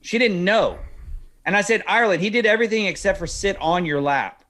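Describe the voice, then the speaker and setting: Animated dad telling a story. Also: male voice, high-pitched, fairly quick. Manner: animated storyteller acting out dialogue. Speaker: podcast host. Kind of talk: casual storytelling chat.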